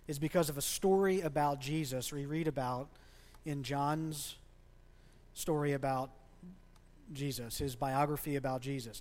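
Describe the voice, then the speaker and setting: Pastor preaching in a reverberant hall. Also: male voice, a little high, darkish tone. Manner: conversational, asks the congregation questions. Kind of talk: sermon. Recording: long reverb of a large hall.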